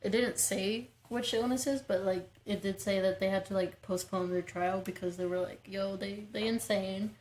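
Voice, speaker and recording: A woman's voice: mid-range voice, level tone, moderate pace, hardly any pauses, a little mellow, slight background noise, low-quality recording. A woman in her twenties co-hosting a podcast, reading out a true-crime case with joking asides. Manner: reads notes with joking asides. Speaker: podcast co-host.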